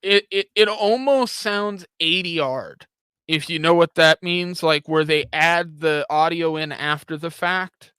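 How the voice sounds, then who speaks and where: A man hosting a reaction show, blunt and critical, with profanity in his casual commentary. His voice is fairly high for a man. The sound is close and dry, with no room echo. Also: unhurried, pushed and bright, clean tone.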